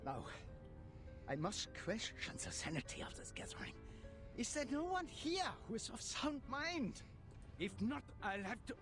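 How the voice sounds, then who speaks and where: A man's voice: very high voice, wildly swooping pitch, unhurried, music in the background, full character voice. An actor voicing a stern male officer of arcane regulation, speaking formally with a forced German accent. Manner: formal, lecturing.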